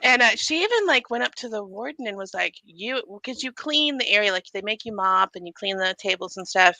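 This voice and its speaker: A woman telling a story on a casual stream, animated and acting out quotes with frequent laughs. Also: mid-range voice, a little fast, creaky, few pauses, no room sound, rough recording.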